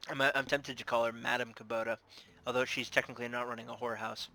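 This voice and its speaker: Bright-voiced male game master. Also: medium pitch, quick pace, vocal fry, rough recording. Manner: relaxed, self-mocking asides. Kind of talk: narrating a tabletop game.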